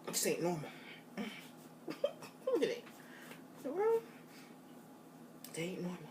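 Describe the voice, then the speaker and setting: A woman chatting straight to her viewers in a casual challenge vlog, animated and drawling. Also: on the low side, takes it slowly, recorded from a distance. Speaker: vlogger. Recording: faint noise, voice off from mic.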